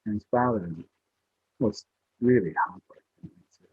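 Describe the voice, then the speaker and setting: A man telling a story aloud in a relaxed oral style, switching his voice for the characters. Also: moderate pace, breathy edge, no room sound. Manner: voices the characters with rising pitch for the child. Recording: dry, tinny phone-like sound.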